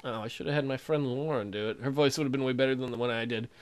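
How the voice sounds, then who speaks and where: A man giving casual let's-play commentary, with swearing banter and sudden loud exclamations. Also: medium pitch, fairly even intonation, fast.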